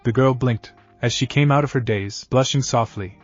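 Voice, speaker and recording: A man reading scripted fan fiction narration in a steady, even way. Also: medium pitch, normal speed. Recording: dull lo-fi audio with faint music.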